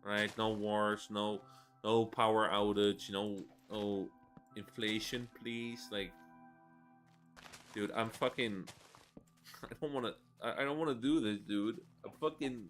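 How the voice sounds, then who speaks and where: A man's voice: fairly low pitch, fairly even intonation, slow, a bit bright, soft background music. A man in his twenties giving casual, rambling gameplay commentary, swearing a lot and laughing between rants. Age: 20s. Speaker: gaming video creator.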